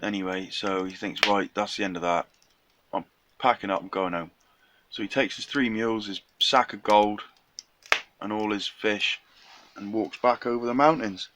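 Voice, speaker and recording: A man's voice: on the low side, steady tone, normal speed, background noise. A young man casually retelling a folk tale in a chatty, slangy way, acting out the characters' lines. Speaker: storyteller.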